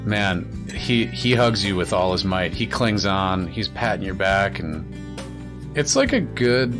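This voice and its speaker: Man, game master, low voice, rambling, laid-back, faint guitar behind. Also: expressive, measured pace. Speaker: dungeon master. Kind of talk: narrating a tabletop game.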